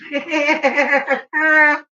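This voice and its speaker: A man's voice: very high voice, flat delivery, very slow, bright, forceful tone, highs cut off. A man livestreaming to his chat in a profane, rambling rant, laughing often. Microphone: own microphone.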